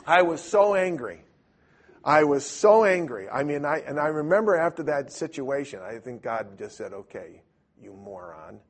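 A man teaching in a sermon style, telling a lively story and acting out voices, with loud bursts. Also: fairly high pitch, normal speed. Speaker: preacher.

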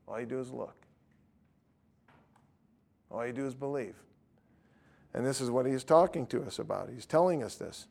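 A man teaching a Bible study who reads scripture aloud and talks haltingly, with many restarts. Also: medium pitch, sing-song, gravelly, warm tone.

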